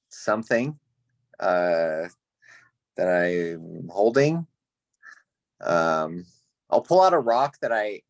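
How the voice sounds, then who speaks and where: A man plays a character in a tabletop game, talking slowly with ums and pauses as he works out his moves. His voice sits low and sounds dry and close. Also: dry recording. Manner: unhurried, hesitant, fillers. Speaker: player. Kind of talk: casual tabletop play.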